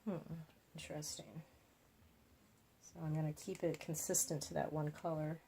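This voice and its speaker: Woman crafter, low voice, gravelly fry, chatty and thinking out loud. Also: little pitch movement, moderate pace, slight background noise. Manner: thinks aloud with playful asides. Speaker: craft vlogger. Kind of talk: casual talk while painting.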